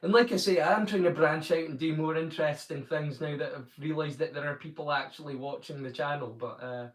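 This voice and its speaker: A man's voice: fairly high pitch, brisk. A man from Northeast Scotland with a Northeast Scottish accent, hosting a livestream and chatting casually with viewers. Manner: chatty, thanks viewers by name. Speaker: livestream host. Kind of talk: casual chat with live viewers. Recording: roomy sound from a distance, music behind.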